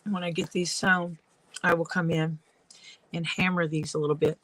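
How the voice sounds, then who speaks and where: Chatty woman with a bright voice. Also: on the low side, flat delivery, normal speed, dry recording, rough recording. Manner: rambling, storytelling. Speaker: leatherworker. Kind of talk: casual chat while crafting.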